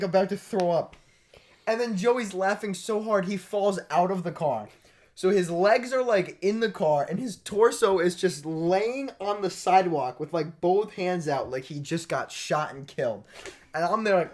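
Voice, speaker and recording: Laughing young man telling a story. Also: sits high. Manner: animated, laughing as he tells it. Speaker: podcast co-host. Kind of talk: casual storytelling.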